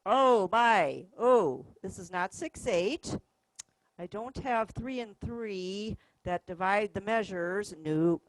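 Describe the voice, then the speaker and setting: A woman's voice: mid-range voice, animated, takes it slowly, no echo, low-quality recording. A woman teaching a music workshop, patiently explaining rhythms by counting and singing the notes aloud. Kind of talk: classroom instruction. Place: music store classroom.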